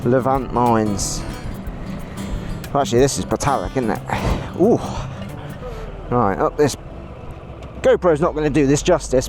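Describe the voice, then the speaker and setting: A man's voice: mid-range voice, expressive, a little slow, pauses often, music in the background. A young man giving casual commentary while riding a motorbike outdoors, exclaiming, swearing and laughing at himself, recorded on an action camera with a portable recorder. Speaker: motorcycle vlogger.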